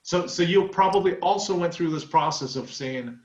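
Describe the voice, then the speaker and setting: A man's voice: a little high, highs cut off. A man in his forties from Canada, a talk show guest chatting casually and telling stories. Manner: chatty storyteller, does quick voices. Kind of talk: casual chat. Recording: roomy echoey sound.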